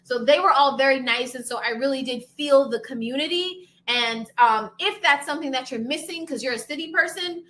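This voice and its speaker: A woman from Brooklyn, a homebuying educator, telling animated, slangy stories straight to her viewers. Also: high voice, brisk, hardly any pauses. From Brooklyn, New York. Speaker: homebuying educator and channel host. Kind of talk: casual storytelling to camera.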